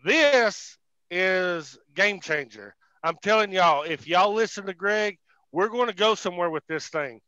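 Bright excited trucker on call. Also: male voice, sits high, a little slow, clean tone, no room sound. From North Carolina. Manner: excited, many fillers, folksy. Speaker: guest, truck driver. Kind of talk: casual chat. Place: inside a truck cab. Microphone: phone on a video call. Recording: muffled video call audio.

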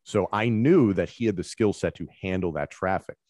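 A man who works as a wrestling commentator, answering interview questions in a relaxed, conversational way and explaining with examples. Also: sits low, normal speed, dry recording, clean studio sound.

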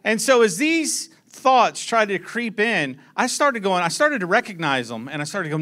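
A man preaching a sermon to a congregation, telling a story with lively asides and calling out to the room. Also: high voice, normal speed, hardly any pauses. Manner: animated storytelling, calls to the congregation.

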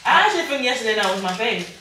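A woman's voice: a little high, big pitch swings, rapid-fire, bright, forceful tone. A young woman vlogger chatting casually with friends, chatty and playful, often giggling. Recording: echoey room, mic far off, noisy.

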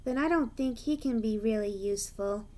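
A woman voicing a grumpy, proud male steam engine in a storybook reading, speaking slowly and sniffily. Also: fairly high pitch, dark tone, natural voice. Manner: slow, huffy and sniffy.

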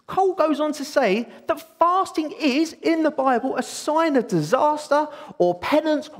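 A man preaching a sermon in a church, excitable and eager. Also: very high-pitched, unhurried, few pauses. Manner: excitable, bursts into exclaiming. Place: church hall. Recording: long hall reverb.

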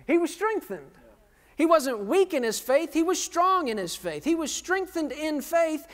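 A pastor in his thirties preaches a little slowly in an extremely high, fairly bright, very animated voice. The church sanctuary echoes around him as he questions the congregation and jokes at his own expense.

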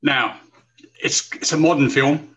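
A man's voice: medium pitch, steady tone, unhurried, fairly bright tone, low-quality recording. A man guest on a casual video-call panel chat, talking candidly and swearing freely.

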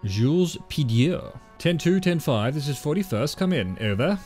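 Aussie guy doing rattly old radio dispatcher, all formal code talk, soft music behind. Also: fairly high pitch, lively intonation, moderate pace, pitched above the performer's own voice, close to an everyday voice. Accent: Australian. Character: rattly-voiced old male radio operator.

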